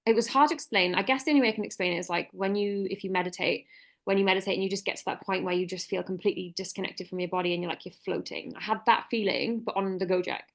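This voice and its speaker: A woman's voice: medium pitch, fairly even intonation, fast, gravelly. A woman co-hosting a podcast, telling a story in rambling, chatty casual talk full of fillers. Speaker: podcast co-host. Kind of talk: casual chat.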